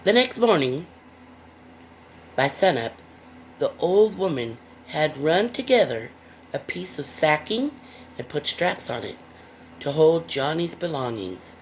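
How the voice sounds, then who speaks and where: A woman's voice: low voice, slow pace, pauses often, slight background noise. A woman reading a picture book aloud with playful, chatty asides to young listeners. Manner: playful, expressive.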